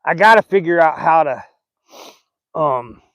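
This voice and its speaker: A man's voice: a little high, animated, unhurried, fairly bright tone, no echo, rough recording. An older man with a Southern accent, hosting a live fishing stream from a boat and chatting in a rambling, folksy way. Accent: Southern American. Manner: rambling, folksy, talks to fish and viewers. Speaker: fishing channel host. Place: small boat on a lake, outdoors. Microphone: phone.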